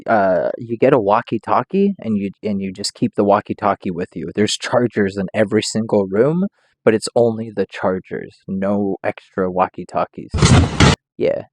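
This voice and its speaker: A man's voice: on the low side, normal speed, darkish tone, dry recording. A young man giving casual, rambling reaction commentary, joking around and swearing freely. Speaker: reaction streamer.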